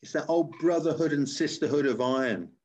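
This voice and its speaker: A man's voice: fairly high pitch, brisk, a little mellow. A man hosting a casual conversation, earnestly retelling a message he received. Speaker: host. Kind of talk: casual chat. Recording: dull lo-fi audio.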